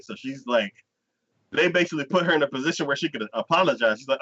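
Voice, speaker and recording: A man co-hosting a podcast, chatting casually and acting out anime scenes in lively, excited retellings full of "like.". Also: medium pitch, quick pace. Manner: animated storyteller acting out scenes, frequent "like". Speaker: podcast co-host. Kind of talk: casual anime review chat. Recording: dull lo-fi podcast audio.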